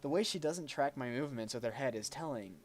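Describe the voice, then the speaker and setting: A man's voice: mid-range voice, animated, quick pace, slight background noise. A man streaming a visual novel, reading its narration aloud with small slips and restarts. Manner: reads aloud with small slips, jokes with a friend.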